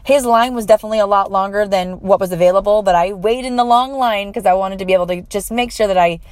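A woman's voice: medium pitch, quick pace, darkish tone, no room sound. A woman telling a personal story in an earnest, heartfelt way, with frequent fillers and restarts.

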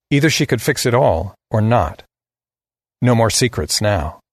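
Husky, low-voiced male story narrator. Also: animated, unhurried, dry recording, studio quality. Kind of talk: first-person audiobook narration.

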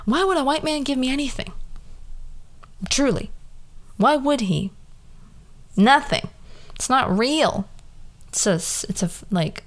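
A woman's voice: a little high, big pitch swings, slow pace, pauses often. A young woman hosting her own podcast, talking casually in a joking monologue full of slang, fillers and rhetorical questions. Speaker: podcast host.

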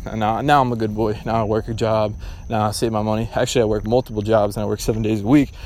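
A man's voice: fairly low pitch, level tone, quick pace, a little mellow, a little hiss or hum. Profane, rambling young man. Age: young adult. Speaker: podcast host. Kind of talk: casual solo podcast rant.

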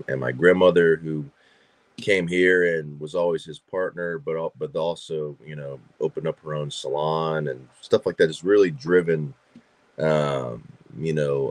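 A man from Georgia, USA, with a rumbling low voice, guests on a podcast as an actor and filmmaker. He tells stories in casual, chatty conversation, full of fillers and repeated words. No room sound is audible.

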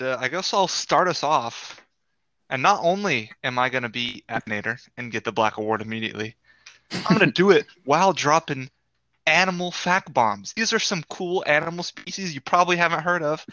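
A man's voice: fairly high pitch, a little fast, sharp tone, no echo, muffled recording. A young man chatting casually while playing a game, playful and defensive, saying dude a lot. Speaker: co-host.

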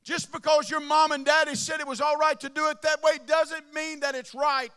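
Male preacher, high and bright-voiced, passionate sermon delivery with shouted peaks. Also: little pitch movement, normal speed. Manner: impassioned, shouting at peaks, then dropping to a murmur.

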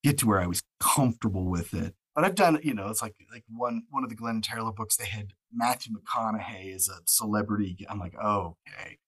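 Speaking with a lowish, slightly bright voice that has a breathy edge, he talks briskly with few pauses. He's an audiobook narrator guesting on a casual interview, wandering through anecdotes, starting phrases over, and performing the conversations he recalls. There's no echo, but the recording quality is low.

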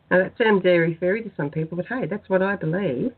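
A woman guest in a spiritual radio interview, telling her personal story in an earnest, soft-spoken way. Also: lowish voice, fast talker, hardly any pauses, a little hiss or hum. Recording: tinny phone-line sound.

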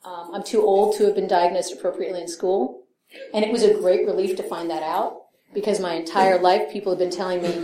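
A woman's voice: on the low side, quick pace, warm tone, echoey room, slight background noise. A middle-aged woman speaking candidly at a recovery meeting, swearing freely, laughing often and acting out the voices of people she quotes. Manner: profane, self-mocking, laughs often, acts out quotes. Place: meeting hall.

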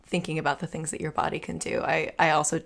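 Woman, 30s, podcast co-host, a touch low in pitch, thoughtful and self-deprecating. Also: little pitch movement, fast talker, vocal fry. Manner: thoughtful, self-deprecating, repeats words when starting. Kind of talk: casual chat.

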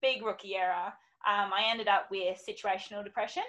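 A woman's voice: medium pitch, steady tone, a little fast, pushed and bright, low-quality recording. Chatty woman. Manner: chatty and candid, many ums and quoted asides. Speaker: guest. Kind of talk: casual podcast chat.

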